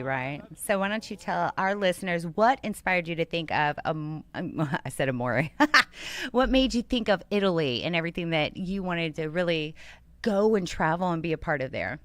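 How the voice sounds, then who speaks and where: A woman's voice: on the low side, lively intonation, moderate pace, a bit bright. A woman co-hosting a weekend radio show, chatting casually and laughing often.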